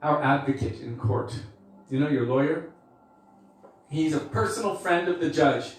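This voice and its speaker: A man's voice: on the high side, moderate pace, a little hiss or hum. A male preacher telling a personal story in a casual, conversational way, full of fillers. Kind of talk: storytelling talk. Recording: echoey hall, mic far off.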